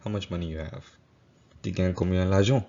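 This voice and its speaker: A man walks through a recorded slideshow lesson. He repeats every example slowly and catches his own slips. The sound is dull and lo-fi, as from a home computer mic. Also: sits low, fairly even intonation, warm tone. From Louisiana. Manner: patient, repeats each example slowly, self-correcting. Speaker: language teacher.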